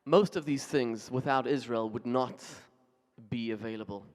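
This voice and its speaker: A rabbi from Zimbabwe giving a storytelling sermon, telling jokes animatedly and with emphasis, in a large music hall. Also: male voice, medium pitch, normal speed, darkish tone.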